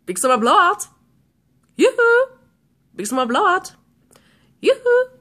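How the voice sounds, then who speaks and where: A woman's voice: big pitch swings, measured pace, exaggerated voice. Woman putting on a chirpy singsong shopkeeper man. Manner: sing-song sales pitch, very high and loud. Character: chirpy singsong male shopkeeper, overly cheerful.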